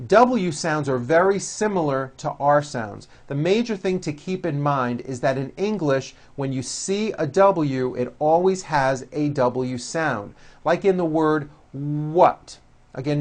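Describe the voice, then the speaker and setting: A man leads an English pronunciation lesson, modelling each practice word with very slow, exaggerated articulation. His voice sits slightly high for a man. Between the drills he explains how the sounds are formed. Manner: very slow, carefully over-articulated drill words, quicker explanations.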